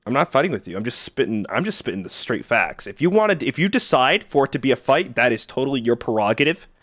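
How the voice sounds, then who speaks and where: A man's voice: medium pitch, big pitch swings, a little fast, fairly bright tone, no room sound, clean studio sound. A man streaming live, chatting casually with viewers in a sarcastic, argumentative way.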